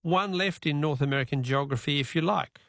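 An Australian man hosting a talkback radio quiz in an easygoing, chatty way, reading the questions out slowly from a studio. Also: fairly high pitch, fairly bright tone, no echo. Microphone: studio microphone.

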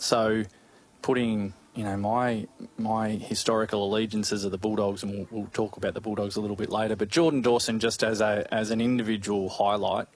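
An Australian man co-hosting a sports radio show, talking casually with lots of restarts and amused asides into a studio mic. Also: on the low side. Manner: rambling, self-deprecating, many restarts and chuckles. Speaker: radio co-host.

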